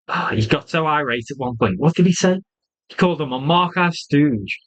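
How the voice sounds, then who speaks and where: Animated swearing man reviewing wrestling. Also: medium pitch, fairly quick, low-quality recording. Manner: swears freely, animated, laughs often. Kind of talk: casual solo review.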